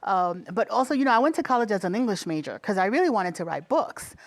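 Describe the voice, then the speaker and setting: A middle-aged woman with a Bronx accent, telling lively stories in an interview and often laughing. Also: mid-range voice, fast. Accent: Bronx New York. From the Bronx, New York. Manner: animated storyteller acting out quoted voices, laughs often. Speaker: guest, state commissioner. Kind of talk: conversational interview storytelling.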